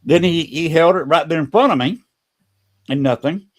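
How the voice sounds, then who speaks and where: A man hosting a podcast, telling a story in a casual, halting way and often repeating words. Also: a little high.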